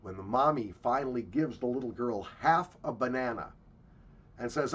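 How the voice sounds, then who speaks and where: A man's voice: mid-range voice, animated, moderate pace, a bit bright, breathy edge, dull audio. A man from the United States giving blunt, sarcastic travel commentary with swearing. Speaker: travel vlogger.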